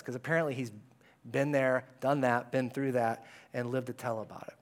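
A male pastor giving a conversational, animated sermon in a church, at times dropping to a hush. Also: medium pitch, moderate pace. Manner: conversational and animated, dropping to hushed tones for quoted words. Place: church sanctuary.

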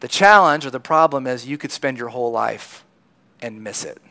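A man's voice: mid-range voice, lively intonation, normal speed, creaky, bright, forceful tone. A man preaching a sermon in a conversational storytelling manner, acting out the lines of people in the crowd. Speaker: pastor.

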